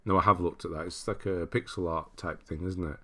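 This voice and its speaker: A British man with a deep, low voice hosts a casual stream, reading out viewers' comments in turn. He talks a little fast, keeps things loose and chatty, and laughs often.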